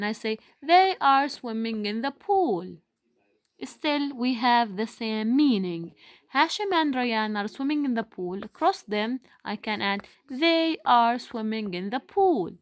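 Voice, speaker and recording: Slow-speaking woman teacher, patient. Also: fairly high pitch, no room sound. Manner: drawn-out emphasis on key words, patient. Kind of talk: slow, deliberate classroom explanation.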